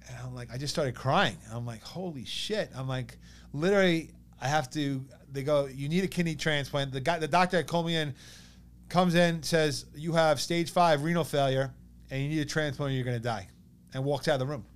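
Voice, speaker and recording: A man in his thirties with a New York accent, telling a personal story as a podcast guest in an animated way, acting out what others said. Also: fairly high pitch, fairly quick, clean tone. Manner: animated, quotes others in lively bursts.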